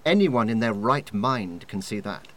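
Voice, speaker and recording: A man's voice: on the low side, expressive, unhurried, fairly bright tone. A man playing a blunt, impatient colleague in a comedy sketch, curt and matter-of-fact.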